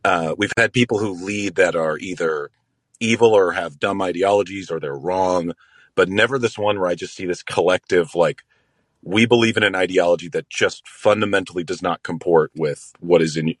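A man calls in to a podcast and talks casually, rambling and halting with frequent fillers. His voice is very low, and the recording is dry with no room sound. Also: no room sound. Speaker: caller. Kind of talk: casual chat.

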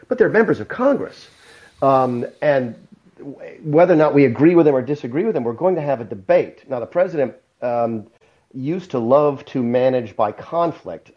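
A middle-aged man answering interview questions in a measured, explanatory way, often restarting his sentences. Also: medium pitch, dull audio. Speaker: guest, former White House chief of staff.

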